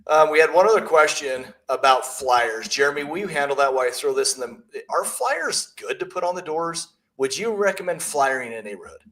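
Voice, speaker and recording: A man's voice: a little high, expressive, a bit bright. Upbeat man hosting a live stream. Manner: upbeat, emphatic, acts out quick quoted asides. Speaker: host, real estate trainer. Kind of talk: casual live-stream coaching.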